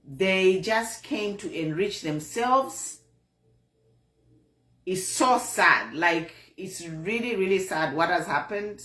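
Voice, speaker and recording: A woman's voice: mid-range voice, slow pace, hardly any pauses, roomy sound, soft background music. A Zambian woman hosting an online show, giving an earnest, repetitive political commentary monologue with a tone of disappointment.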